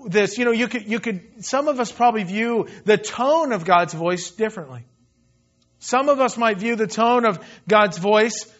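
High-voiced impassioned preaching man. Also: a bit bright. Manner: impassioned, conversational preaching that acts out scripture. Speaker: pastor. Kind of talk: sermon. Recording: dull lo-fi recording.

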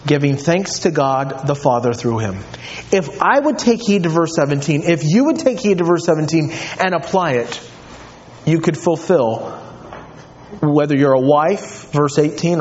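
Animated high-pitched preacher man. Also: muffled recording, slight background noise. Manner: animated, emphatic preaching with wide pitch swings. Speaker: pastor. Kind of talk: sermon.

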